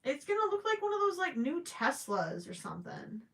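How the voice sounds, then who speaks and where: A woman's voice: sits high, big pitch swings, moderate pace, creaky, fairly bright tone. A young woman casually chatting on a livestream while crocheting, reading viewer questions aloud and teasing herself. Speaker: livestream host.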